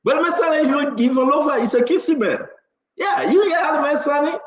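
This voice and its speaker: Liberian guy ranting on a talk show, high voice, laughs a lot, sounds kinda roomy. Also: expressive, fast talker. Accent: Liberian English. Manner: emphatic, laughing, rhetorical questions. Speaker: co-host. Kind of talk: casual radio talk show banter.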